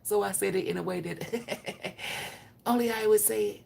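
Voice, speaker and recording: A woman's voice: mid-range voice, unhurried, gravelly, darkish tone, a little hiss or hum. A woman giving a casual tarot reading on a live stream. She is blunt, chatty and profane, and talks straight to her viewers. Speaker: tarot reader.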